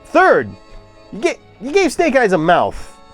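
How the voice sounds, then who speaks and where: A man's voice: very high-pitched, huge pitch swings, measured pace, fairly bright tone, faint music behind. A man giving a casual, opinionated movie review, ranting and scoffing with lots of fillers and restarts.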